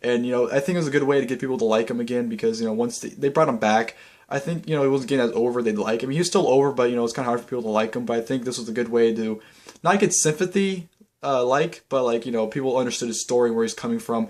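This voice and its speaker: A young man giving a casual, rambling video recap that is full of fillers and bursts of excitement. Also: mid-range voice, racing. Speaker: vlogger.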